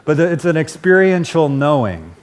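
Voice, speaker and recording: A man's voice: a little high, very animated, normal speed. A male pastor giving a casual, conversational sermon, chuckling and correcting himself as he goes.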